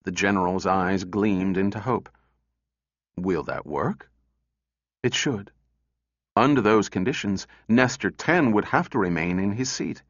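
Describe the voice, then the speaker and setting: Low voiced guy reading a story, steady, dry muffled sound. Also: dry recording. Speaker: audiobook narrator. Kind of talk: scripted narration.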